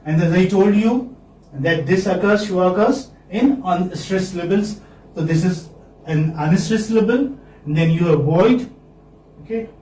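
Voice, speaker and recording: A man with a high voice teaches English sounds to a class, drawing each word out slowly and saying it again and again. He stands some way from the mic in an echoey classroom, with a faint hiss behind him. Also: mellow, recorded from a distance. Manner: slow, repeats words for students to copy. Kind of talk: classroom lecture.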